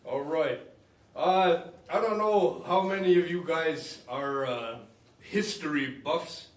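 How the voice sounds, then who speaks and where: A man's voice: on the high side, slow. A man from Minnesota chatting between songs at a live concert in a library, rambling and joking with filler hesitations. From Minnesota, USA. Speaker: musician and performer. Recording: roomy hall, mic at a distance.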